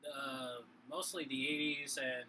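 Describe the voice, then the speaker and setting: A man's voice: mid-range voice, fairly even intonation, takes it slowly, bright, forceful tone, a little hiss or hum, poor audio. A tipsy man with a Boston accent co-hosting a casual sports talk show, rambling with many fillers and restarts. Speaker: podcast co-host.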